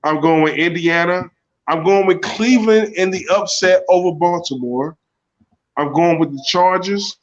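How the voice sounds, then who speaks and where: A man's voice: high voice, moderate pace. Brash, profane man on muffled audio. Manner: brash, profane, rattles off picks. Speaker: podcast co-host. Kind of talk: casual sports podcast chat.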